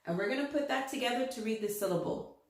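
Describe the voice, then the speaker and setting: A woman's voice: a little high, quick pace, very echoey. A woman teaching a children's reading lesson, telling it as a story and acting out the letters. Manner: animated storytelling, acts out letters' lines.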